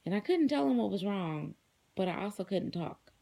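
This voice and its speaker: A woman's voice: medium pitch, lively intonation, normal speed, gravelly, warm tone. An adult woman with kids, talking casually to her viewers in a rambling vlog with lots of fillers. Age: adult, married with children. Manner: chatty, rambling, many fillers. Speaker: vlogger.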